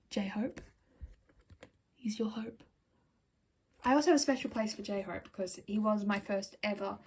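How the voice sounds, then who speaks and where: Chatty giggly young woman, higher voice. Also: gravelly, darkish tone, slightly rough, low-quality recording. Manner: chatty and giggly, drops into whispered asides; apologetic, rambling. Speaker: vlogger reviewing album collection. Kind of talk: casual chat to camera.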